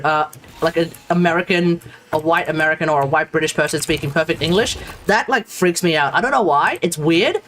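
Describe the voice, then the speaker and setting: A man's voice: high-pitched, fairly bright tone, a little hiss or hum. An Australian man streaming a game, chatting casually with viewers, rambling and restarting his sentences. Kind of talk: casual live-stream chat.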